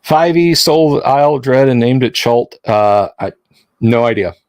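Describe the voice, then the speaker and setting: A man's voice: mid-range voice, expressive, unhurried, darkish tone, no room sound. Chatty male livestream host. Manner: chatty, rambling, jokey, answers chat. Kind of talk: casual livestream chat.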